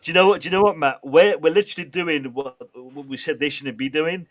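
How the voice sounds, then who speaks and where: A man's voice: a little high, fast, crowd noise. Chatty man hosting a live stream. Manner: lively, banters with chat, many restarts. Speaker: livestream host. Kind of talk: casual live-stream chat.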